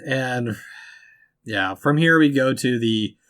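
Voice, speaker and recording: A man's voice: mid-range voice, slow pace, fairly bright tone. A man co-hosting a podcast, chatting casually about a movie in a dry, offhand way. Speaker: podcast co-host. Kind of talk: casual movie review chat.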